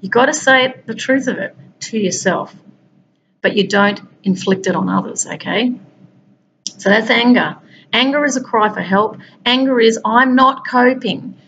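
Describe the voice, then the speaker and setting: A woman's voice: a little high, normal speed, a bit bright, a little hiss or hum, low-quality recording. Woman giving a chatty coaching talk. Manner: conversational, speaks directly to listeners. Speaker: peace and wellbeing coach. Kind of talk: informal motivational talk.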